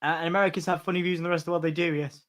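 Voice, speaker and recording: A man's voice: a little high, steady tone, fairly bright tone. A man co-hosting a casual wrestling watch-along, stammering into restarts and calling the moves as they happen. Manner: stammering restarts, quick play-by-play calls. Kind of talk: casual chat with live commentary.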